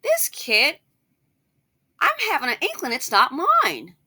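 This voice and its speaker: A woman puts on a comically suspicious man who doubts that a child is his own. His voice sits high above her usual talk and rings bright and crisp. He sounds loud and over the top. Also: huge pitch swings, slow pace, dry recording, studio quality, exaggerated voice.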